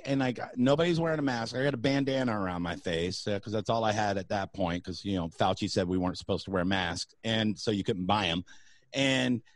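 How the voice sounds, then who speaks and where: A man's voice: mid-range voice, no room sound. Profane storytelling man, dry close sound. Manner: profane, animated anecdotes with loud acted-out outbursts. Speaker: comedian and radio host. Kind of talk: casual podcast storytelling.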